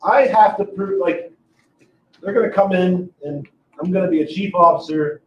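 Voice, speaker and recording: A man's voice: high voice, moderate pace, recorded from a distance. Blunt man, echoey and off-mic. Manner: blunt, repeats himself. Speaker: podcast co-host, fire chief officer. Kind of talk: casual chat. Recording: echoey room, set back from the mic, dull and slightly noisy.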